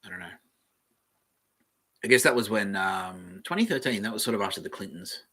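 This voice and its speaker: A man's voice: lowish voice, animated, fairly quick, bright, forceful tone, husky. An Australian man hosting a solo podcast, reading aloud in a meandering, offhand way and swearing casually. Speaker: podcast host.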